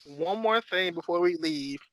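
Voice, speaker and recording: A man's voice: sits high, unhurried, a bit bright, no echo. A man hosting a podcast, asking questions in easygoing casual chat. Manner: easygoing, short prompts. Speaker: podcast host.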